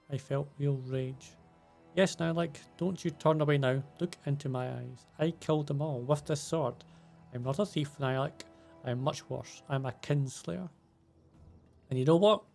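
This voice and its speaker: A man reading the lines of a fierce young female barbarian warrior aloud from game subtitles, keeping his own gravelly voice. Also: on the high side, a little mellow.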